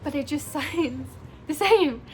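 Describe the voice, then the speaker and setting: A woman's voice: high-pitched, slow pace, a little hiss or hum. A woman from Scotland with a Scottish accent, talking casually and earnestly to her viewers in a personal vlog. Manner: bubbly and earnest, addresses viewers as "you guys". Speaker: beauty vlogger.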